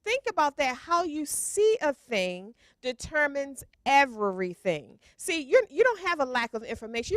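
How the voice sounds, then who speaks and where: A woman's voice: high-pitched, big pitch swings, measured pace, no echo. A woman giving an upbeat motivational talk on stage as a business coach, asking rhetorical questions. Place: event stage.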